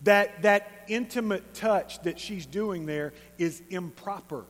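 A man with an East Texas accent preaching a sermon as a pastor, conversational and emphatic, with animated storytelling. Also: high-pitched, slow. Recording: long reverb of a large hall.

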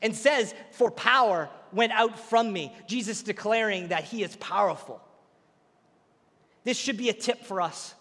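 A man preaching a sermon, retelling a story with lively, acted-out quotes. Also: high voice, unhurried, in a large hall.

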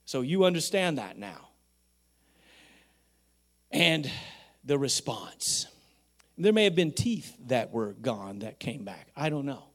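A man preaching a sermon, swinging from loud, emphatic shouting to soft, quiet points. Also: medium pitch, very animated, slow, long pauses. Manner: builds to shouting emphasis, then drops to quiet. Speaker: pastor.

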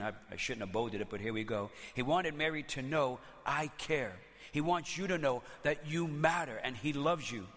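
A man preaching a sermon as pastor, conversational and animated, telling stories with playful asides. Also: medium pitch, in a large hall.

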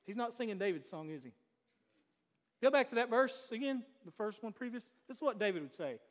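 High-voiced preacher in a reverberant hall. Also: male voice, lively intonation, a little fast. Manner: emphatic preaching with rhetorical questions. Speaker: pastor. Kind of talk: sermon.

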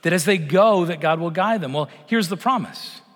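A man's voice: high-pitched, moderate pace. Middle-aged male preacher in echoing church. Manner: swells loud on promises, drops to a near-whisper at the close of phrases. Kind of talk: sermon. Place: church sanctuary. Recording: long church reverb.

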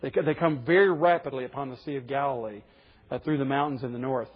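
Husky animated preacher in an echoey hall. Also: male voice, fast, highs cut off. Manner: animated, rising to high dramatic pitch when quoting. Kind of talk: sermon.

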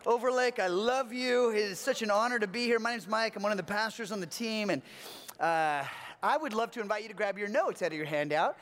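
Breathless high-voiced pastor in a reverberant hall. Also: male voice, brisk, a bit bright. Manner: friendly, laughing, conversational. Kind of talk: sermon introduction. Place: church sanctuary. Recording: long reverb of a church hall.

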